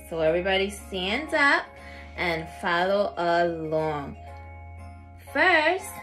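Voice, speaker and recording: A woman teacher giving a lesson and reading aloud to young children, slow, clear and encouraging. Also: mid-range voice, a bit bright.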